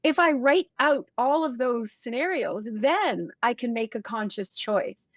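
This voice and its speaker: Animated woman with a dry close sound. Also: fairly high pitch, measured pace, no room sound. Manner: animated, emphatic storyteller acting out office dialogue. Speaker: guest leadership expert. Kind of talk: casual interview talk.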